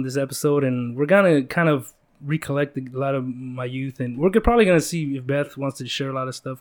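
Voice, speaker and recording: A man hosting a casual podcast chat, rambling and joking with many fillers and restarts. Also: medium pitch. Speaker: podcast host.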